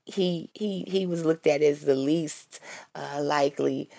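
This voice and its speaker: A woman giving a casual devotional talk to her viewers, excited and repeating her phrases as she calls out to them. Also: sits low, unhurried, creaky, no room sound, clean studio sound. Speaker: Christian vlogger giving testimony.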